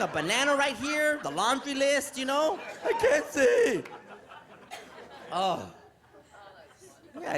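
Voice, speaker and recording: With background noise behind him, a middle-aged New York City comedian with a high-sitting voice works a theater stage, acting out exasperated stories in animated fashion.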